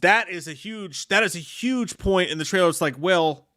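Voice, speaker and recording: High-voiced man telling stories with animation. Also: moderate pace, dry recording, studio quality. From United States. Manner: animated storyteller, swears often, reads viewer comments aloud. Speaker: podcast co-host reading chat. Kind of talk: casual live-stream chat.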